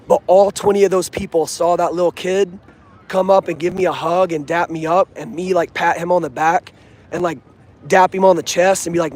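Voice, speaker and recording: A young sports fan vlogger with a high-pitched, slightly mellow voice talks casually yet earnestly about his football team. He uses street slang, and the clip was recorded outside near a stadium.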